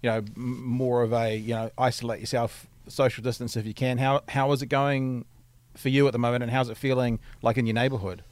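A man's voice: mid-range voice, little pitch movement, fairly quick, no echo. A man hosting an interview, asking loose conversational questions with plenty of fillers. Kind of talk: casual interview.

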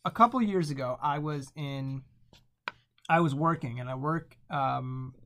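A man's voice: on the high side, a little slow. A man around thirty telling a personal story in a casual conversation, checking in with the listener often. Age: late 20s to 30s. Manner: relaxed, anecdotal, uses "right?" often.

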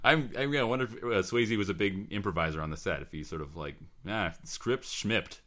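Deep-voiced man rambling about movies. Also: fast, a bit bright. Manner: rambling, hesitant with frequent restarts. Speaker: podcast co-host. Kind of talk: casual movie discussion.

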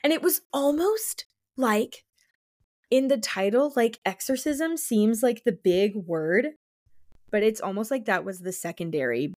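A woman's voice: fairly high pitch, animated, measured pace, a little mellow, dry recording, clean studio sound. A young woman co-hosting a podcast, rambling emotionally about a book she loved. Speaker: podcast co-host. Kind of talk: casual book chat.

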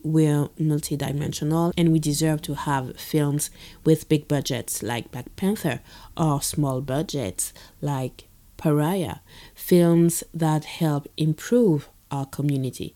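Low-voiced, earnest woman film commentator. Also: dark tone.

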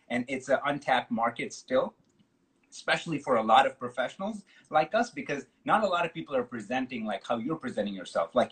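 A man's voice: medium pitch, fairly bright tone, poor audio. Enthusiastic slangy man hosting a chat. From Chicago. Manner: enthusiastic, slangy, says dude a lot. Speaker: podcast host. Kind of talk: casual interview chat.

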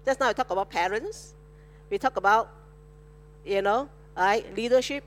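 A woman pastor, preaching a sermon with animated call-and-response to her congregation. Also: mid-range voice, moderate pace, a little hiss or hum.

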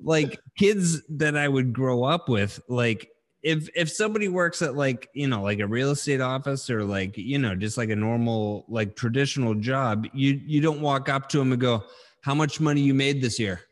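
A man's voice: mid-range voice, moderate pace, big-room sound. A man in casual chat, rambling a little and laughing as he talks. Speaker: co-host.

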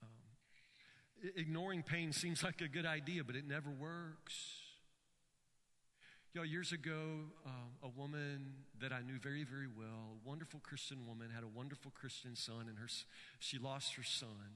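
A man's voice: fairly high pitch, pushed and bright, in a large hall. A man preaching a sermon, telling stories with frequent stammered restarts. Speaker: pastor.

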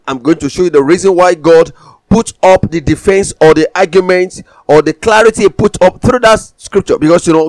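High-voiced man preaching emphatically. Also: no room sound. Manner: emphatic, repetitive declarations. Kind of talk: sermon.

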